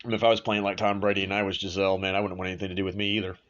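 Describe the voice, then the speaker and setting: A man with a lowish voice runs a casual sports show, blunt and quick to swear, tossing off offhand asides as he goes. The sound is a little dull and lo-fi. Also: little pitch movement, fairly bright tone. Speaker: sports podcast host. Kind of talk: casual sports and betting talk.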